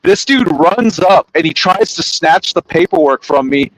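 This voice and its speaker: A man's voice: on the high side, measured pace, dry recording, rough recording. A man chatting casually on a podcast, telling a work story and acting out the people in it, with plenty of swearing. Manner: animated storyteller, acts out quotes loudly, swears.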